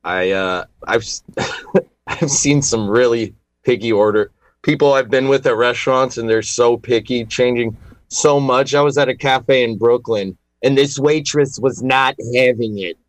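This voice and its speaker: A man co-hosts a casual radio talk show, relaxed and quick to laugh. His voice sits mid-range. The recording is dry and close. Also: medium pitch, dry recording. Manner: easygoing, laughs often, hesitant restarts. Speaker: radio co-host.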